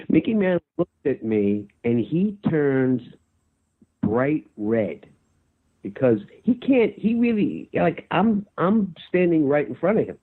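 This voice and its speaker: An older actor telling a lively anecdote in an interview, acting out his own shouting as he goes. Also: medium pitch, slow. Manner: animated storyteller, acts out his own shouting. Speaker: actor guest. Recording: tinny phone-like line.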